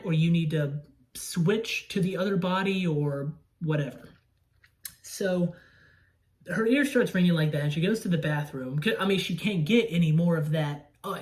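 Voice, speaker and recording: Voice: medium pitch, darkish tone. Rambling, profane young movie vlogger. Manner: profane, rambling, with grossed-out outbursts. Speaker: movie reviewer. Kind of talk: casual rambling movie recap.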